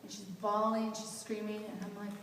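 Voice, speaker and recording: A woman's voice: medium pitch, monotone, moderate pace, a bit bright. Young woman telling a story in an echoey hall. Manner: candid, rambling, frequent "like" and restarts. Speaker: motivational speaker. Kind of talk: personal storytelling talk. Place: large hall at a youth event. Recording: echoey hall, distant mic, faint hiss.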